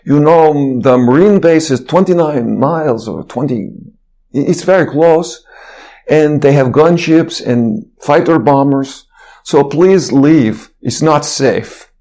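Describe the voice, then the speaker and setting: An earnest Russian ex-soldier, as a man puts him on, with a heavy accent and broken English phrasing. He speaks slowly and deliberately, pleading in a raised pitch. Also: warm tone. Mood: urgent warning.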